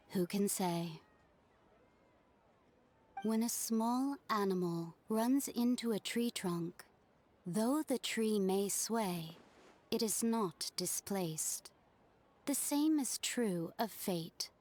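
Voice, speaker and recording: A cryptic, unseen woman from a video game speaks with slow, solemn calm. Her words drift out partly in a whisper, unhurried and deliberate. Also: mid-range voice.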